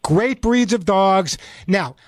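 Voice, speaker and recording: A man's voice: sits high, animated, takes it slowly, no room sound. A man hosting a call-in radio show on pets, chatting, telling stories and giving step-by-step advice. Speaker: radio show host, pet expert. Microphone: studio microphone.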